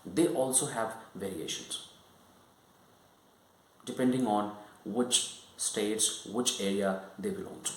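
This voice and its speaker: A man's voice: lowish voice, takes it slowly, pauses often. Man teaching English in a roomy echo. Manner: explanatory, keeps checking in with "right?" and "okay?". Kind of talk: online English lesson.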